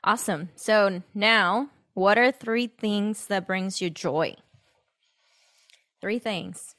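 A woman chiming in casually on a podcast with lively, laughing interjections. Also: mid-range voice, slow, no room sound, studio quality. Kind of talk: casual chat.

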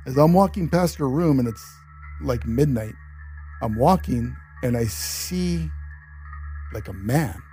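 A man swaps scary stories on a casual podcast, cursing freely as he builds the tension. His voice is mellow and darker in tone, and a faint music bed runs beneath him. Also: medium pitch, slow. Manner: swears a lot, animated storyteller. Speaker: podcast co-host. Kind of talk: casual storytelling chat.

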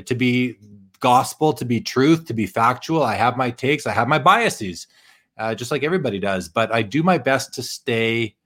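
A man hosting a live podcast in casual chat. He reads viewer comments aloud, talks in halting restarts, and says he is tired and losing his voice. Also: medium pitch, a bit bright. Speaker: podcast host.

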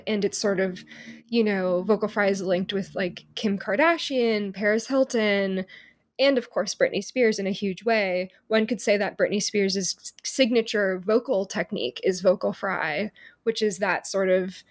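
A woman's voice: mid-range voice, a little slow. A woman author answering interview questions in an articulate way, with frequent fillers and asides.

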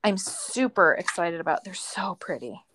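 A woman's voice: on the low side, expressive, moderate pace, background noise. A woman co-hosting a podcast in casual chat, chatty, trailing off mid-sentence and laughing often. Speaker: podcast co-host.

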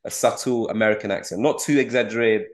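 Man, British accent, quick talker, rambling, casual podcast chat. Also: lowish voice. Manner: rambling, self-correcting. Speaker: podcast co-host.

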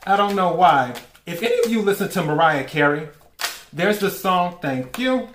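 A man's voice: high-pitched, lively intonation, normal speed, a bit bright, a little hiss or hum. A man giving a casual tarot reading, asking for cards politely and breaking into laughter often. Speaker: tarot reader. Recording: echoey room.

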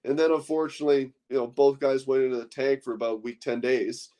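A man with an ordinary mid-pitched voice talks as a podcast guest. He works through his sports analysis in loose, rambling sentences, full of 'you know' and 'like'. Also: steady tone, a little fast, dark tone.

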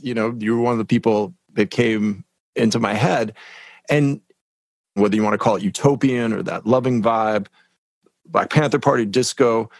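A man interviewing a guest in a reflective, measured way. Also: on the low side, no room sound. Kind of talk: thoughtful interview questions.

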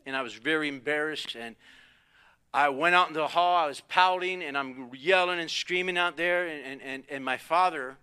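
Bright-voiced man preaching a sermon. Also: fairly high pitch, moderate pace, clean tone. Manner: animated storytelling, acts out quoted voices. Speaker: pastor.

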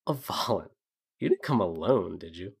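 A man's voice: sits low, lively intonation, normal speed, gravelly, breathy edge, heavily acted. A man doing a sly, teasing young noblewoman.

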